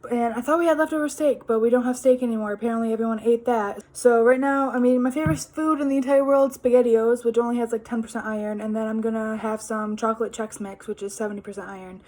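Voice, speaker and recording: A woman's voice: on the high side, steady tone, quick pace, few pauses, warm tone. A young woman talking to her camera in a casual, rambling vlog with lots of fillers. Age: young adult. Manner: rambling, chatty, frequent fillers. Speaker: vlogger.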